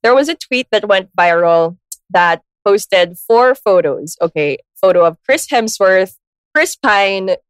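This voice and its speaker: A woman co-hosting a casual podcast chat, giggly and quick to laugh, speaking into a studio mic. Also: mid-range voice, clean tone, no echo. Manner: giggly, lively, laughs often. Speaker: podcast co-host.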